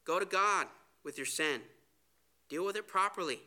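A man's voice: sits high, normal speed, bright, forceful tone. A man preaching a sermon, earnest, reading scripture aloud. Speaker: pastor.

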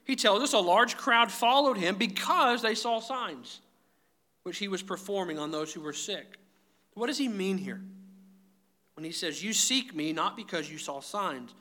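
A man's voice: sits high, pushed and bright. A man preaching a sermon, emphatic and direct, often calling his listeners "guys". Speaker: pastor.

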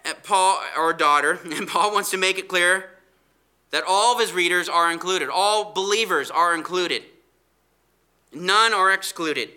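Male preacher, bright ringing voice on the high side, leans hard on scripture with slow emphatic stresses. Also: clear, resonant tone. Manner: asks rhetorical questions. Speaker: Bible teacher. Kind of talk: expository sermon.

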